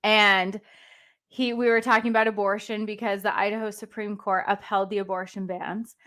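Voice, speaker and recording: A woman co-hosting a political stream from Connecticut, with snarky, deadpan humor. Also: medium pitch, moderate pace. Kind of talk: casual political chat.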